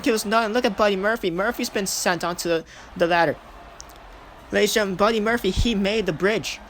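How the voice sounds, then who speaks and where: Young male game commentator, high bright voice, hyped wrestling calls, faint hiss behind. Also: normal speed. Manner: hyped, shouts at big moments, repeats himself. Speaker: play-by-play commentator of a video game.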